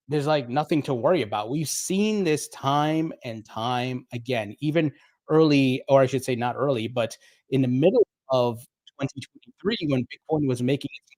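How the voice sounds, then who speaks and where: A man's voice: mid-range voice, a little mellow, dry recording. A middle-aged man with a New Jersey accent hosts a casual crypto livestream, reading viewer comments aloud and greeting people by name in an upbeat, chatty way.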